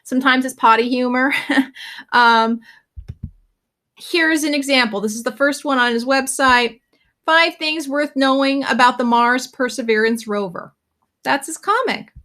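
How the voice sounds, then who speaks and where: A woman's voice: high voice, unhurried, fairly bright tone. A woman teacher giving a casual classroom lecture, chatty and laughing often as she reads comics aloud.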